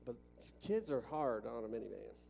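Pastor, male, mid-pitched and warm, chatty sermon delivery; reverberant sanctuary with a soft hum behind. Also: very animated, moderate pace, gravelly. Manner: conversational, with frequent restarts and rhetorical questions. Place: church sanctuary with a balcony. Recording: long reverb from a church hall with faint hum.

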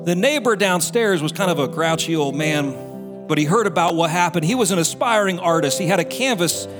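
A man preaching a sermon as pastor, animated and acting out the quotes he tells. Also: on the high side, brisk. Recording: roomy hall with music behind.

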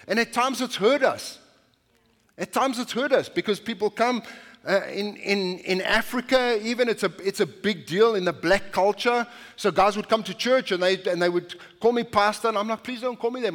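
A man's voice: high-pitched, fairly bright tone, long reverb tail. A male pastor preaching a sermon in a conversational, anecdotal way, often restarting his sentences. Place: church sanctuary.

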